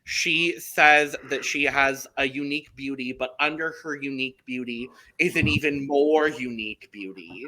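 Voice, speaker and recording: A man's voice: medium pitch, moderate pace, few pauses, pushed and bright, a little hiss or hum. A man co-hosting a casual podcast chat, enthusiastically running through contestant details. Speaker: podcast co-host.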